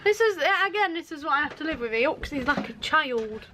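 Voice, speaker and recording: High-voiced woman, teasing vlog chat. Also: animated, a little fast, bright, forceful tone, slight background noise. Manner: teasing, chatty. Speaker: sailing vlog co-host. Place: outdoors in a harbour town and on a marina pontoon.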